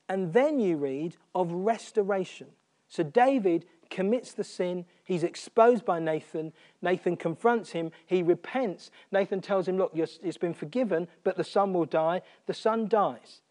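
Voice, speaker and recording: A man preaching a sermon, earnest, repeating phrases for emphasis and dropping almost to a whisper on quiet points. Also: sits high, a little slow.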